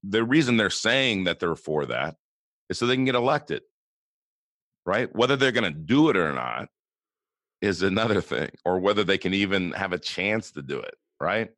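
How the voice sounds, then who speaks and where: Deep-voiced West Coast man, dry. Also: big pitch swings, moderate pace, a bit bright, no echo. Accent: West Coast American. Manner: conversational, asks rhetorical questions. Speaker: podcast co-host. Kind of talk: casual podcast chat.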